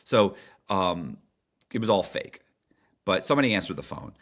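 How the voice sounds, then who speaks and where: A man's voice: low voice, big pitch swings, normal speed, a bit bright. A middle-aged man telling a story as a podcast guest, in a casual, slangy way with many restarts and fillers.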